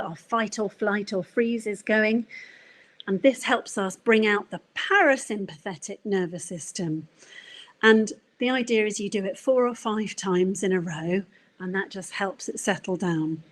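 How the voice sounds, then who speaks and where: A middle-aged woman giving a career coaching talk at a conference, gentle and encouraging, with frequent fillers. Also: mid-range voice, low-quality recording. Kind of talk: conference presentation.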